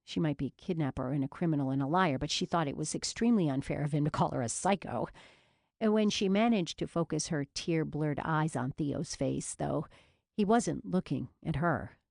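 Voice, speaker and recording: A woman narrating a romance novel as an audiobook in measured storytelling. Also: low voice, creaky, darkish tone, no room sound, studio quality.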